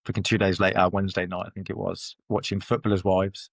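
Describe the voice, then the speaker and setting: In a podcast studio, a man candidly recounts his life as a guest, cursing freely and stringing thoughts together loosely. He talks fast in a deep, creaky voice with a flat delivery, and there's no echo.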